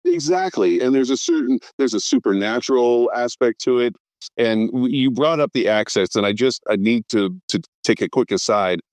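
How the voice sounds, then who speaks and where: A man's voice: medium pitch, no room sound. A man in his fifties chatting on a film podcast, eagerly rattling off names and credits with plenty of fillers. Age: 50s. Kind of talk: casual film podcast chat.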